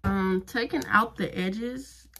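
A woman's voice: medium pitch, slow pace, a bit bright, soft background music. A young woman chatting casually through a beauty tutorial, joking and mocking herself as she talks straight to viewers. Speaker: vlogger doing a wig and lash tutorial.

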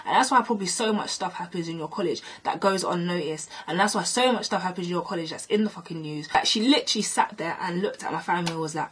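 A woman telling a personal story to camera in a vlog, animated and re-enacting past arguments. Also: fairly low pitch, quick pace, hardly any pauses, slightly rough, poor audio. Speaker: vlogger. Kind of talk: storytime narration.

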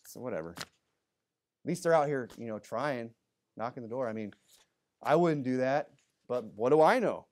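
A man's voice: mid-range voice, expressive, moderate pace, pauses often. A man preaching in a church in a loose, conversational way, with good-humored asides. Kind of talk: conversational sermon.

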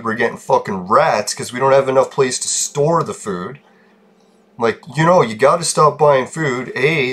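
A man's voice: mid-range voice, a bit bright. Frustrated man ranting on his channel. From Canada. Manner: frustrated, swearing, venting. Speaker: gaming channel host. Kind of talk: casual vlog rant.

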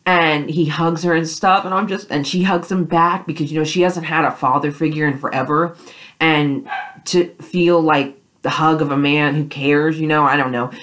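A young woman talks fast and loose in a casual fan vlog, gushing and rambling with plenty of fillers. Her voice sits low for a woman. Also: steady tone, a bit bright. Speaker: vlogger. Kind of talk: excited fan reaction vlog.

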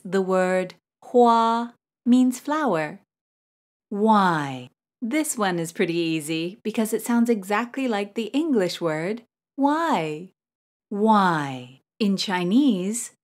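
A young woman giving a scripted pronunciation lesson, drawing out each model syllable slowly and carefully. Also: medium pitch, a little mellow. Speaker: pronunciation teacher.

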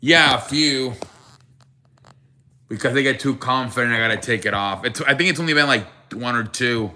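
Chatty male sports streamer, bright voice. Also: medium pitch, normal speed, a little hiss or hum. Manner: chatty, greets viewers by name, reads chat aloud; repeats "I beg your pardon" as a running joke. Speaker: live stream host. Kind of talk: casual live chat with viewers.

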